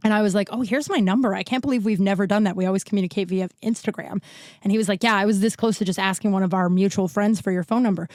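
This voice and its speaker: A woman's voice: mid-range voice, fast, a little mellow, no echo, clean studio sound. A woman hosting her own podcast while sick and tired, talking in a rambling, candid way, often breaking off mid-sentence and swearing casually. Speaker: podcast host. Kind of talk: casual solo podcast chat.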